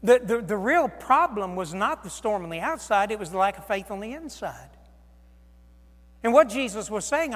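A man preaching a sermon in an animated way, swinging between loud outbursts and soft asides as he acts out the people in his story. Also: sits high, big-room sound.

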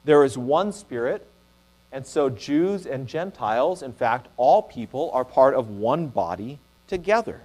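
A man preaching a sermon in an earnest, measured way, sometimes restarting a phrase. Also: mid-range voice, big pitch swings, a little mellow. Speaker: pastor.

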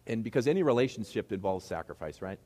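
A pastor with a Midwestern American accent preaches to a congregation in a middle school hall, speaking conversationally and posing rhetorical questions. His fairly low voice is warm and expressive, and he talks at a quick pace.

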